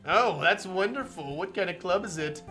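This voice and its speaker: A man's voice: high-pitched, expressive, moderate pace, pushed and bright, faint music behind. A man voicing a caring, fussy middle-aged mother in a visual novel reading on stream, doting and teasing as he reads her part.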